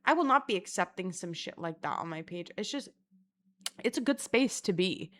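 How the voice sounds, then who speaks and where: Young woman, casual vlogger, swears freely, animated storyteller, talking to her phone camera at home. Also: fairly low pitch, moderate pace. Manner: profane, animated storytelling with acted-out quotes. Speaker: content creator. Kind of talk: casual vlog chat.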